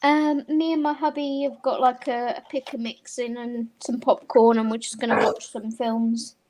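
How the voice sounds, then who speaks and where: A woman joining a live stream on a video call, talking in a relaxed, hesitant way. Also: on the high side, moderate pace, rough recording. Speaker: stream participant. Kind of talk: casual chat.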